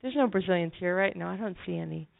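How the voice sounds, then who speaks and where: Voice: mid-range voice, quick pace, vocal fry, phone-quality sound. A preacher giving a sermon testimony, telling a story with emphatic repetition.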